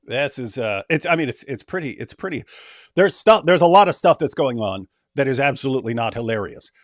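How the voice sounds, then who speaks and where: A man co-hosting a livestream, talking casually and mockingly, sometimes putting on shrill whining voices. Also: lively intonation, fairly quick, no room sound, clean studio sound. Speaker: livestream co-host.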